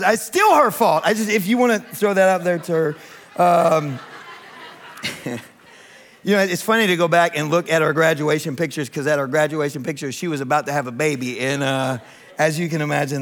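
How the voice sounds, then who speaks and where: A man in his thirties preaches a sermon full of funny stories. His voice sits high for a man. He keeps it chatty and joking, and he often asks the congregation to raise their hands. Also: moderate pace, fairly bright tone. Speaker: pastor. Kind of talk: humorous sermon storytelling. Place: church sanctuary with congregation.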